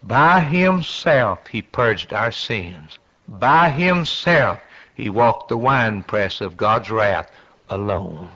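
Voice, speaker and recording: A man preaching at an unhurried, deliberate pace. His delivery is dramatic, rising to loud, high-pitched cries. The recording is dull and lo-fi. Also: animated. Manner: slow, dramatic preaching that climbs to high shouted peaks. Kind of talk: sermon.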